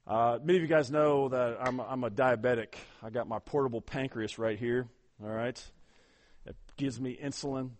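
A man's voice: mid-range voice, fairly even intonation, moderate pace. A man preaching a sermon as pastor, urging his congregation on emphatically and often repeating words as he goes.

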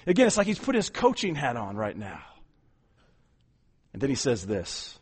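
A man preaching a sermon, emphatic, often repeating words and swinging between loud and soft. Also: medium pitch, big pitch swings, fast talker, breathy edge. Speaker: pastor.

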